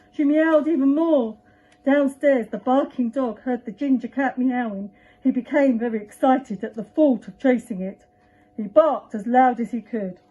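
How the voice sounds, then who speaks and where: A woman reads a children's storybook aloud, playing up every bang and bark. Her voice sits a little high but has a mellow, soft edge. The recording is dull and lo-fi. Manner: expressive, acting out animal and household sounds. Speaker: teacher reading to children. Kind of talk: reading a picture book aloud.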